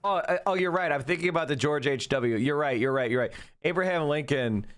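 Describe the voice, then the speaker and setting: A man's voice: fairly high pitch, brisk, a bit bright, clean tone. A man streaming live, reading out news and reacting with sarcastic commentary, swearing freely. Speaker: political streamer.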